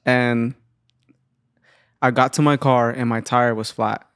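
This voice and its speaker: A man's voice: medium pitch, slow pace, clean tone, no room sound, studio quality. A young man hosting a casual podcast interview, telling stories and acting out quotes with a raised voice. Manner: animated storyteller, acts out quotes in a raised voice. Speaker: podcast host. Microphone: studio microphone.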